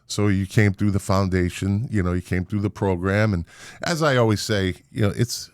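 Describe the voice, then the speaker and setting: A man's voice: fairly low pitch, moderate pace, no echo, studio quality. Chatty, jokey man. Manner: jokey, chatty, laughs often. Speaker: podcast host. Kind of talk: casual interview chat.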